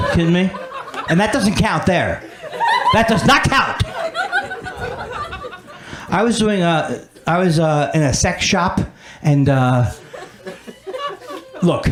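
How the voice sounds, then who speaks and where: On a club stage, a man with a fairly high voice does stand-up, riffing on his own weak jokes and poking fun at himself. The recording sounds roomy and noisy, with a crowd laughing in the background.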